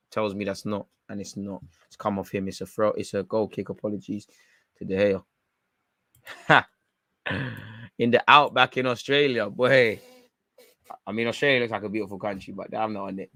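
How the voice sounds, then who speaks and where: Excitable man calling a football match live. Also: fairly low pitch, dry recording, studio quality. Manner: excitable, slangy banter with bursts of shouting at big chances. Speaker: football watchalong streamer. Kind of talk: live match reaction commentary.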